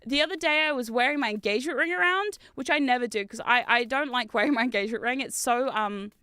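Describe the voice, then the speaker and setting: A woman in her thirties chats while she streams a game, and her voice sits high and rings bright and clear. She tells stories in an animated, chatty way, laughing and swearing freely. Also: quick pace, dry recording, clean studio sound. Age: 30s. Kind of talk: casual gaming stream chat. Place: home gaming room.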